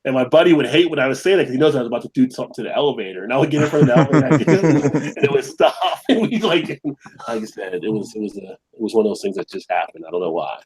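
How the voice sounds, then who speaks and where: A man's voice: mid-range voice, lively intonation, racing, a crowd in the background, poor audio. A man hosting a casual beer live stream, chatting loosely, reading viewer comments aloud and laughing often. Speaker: beer channel host.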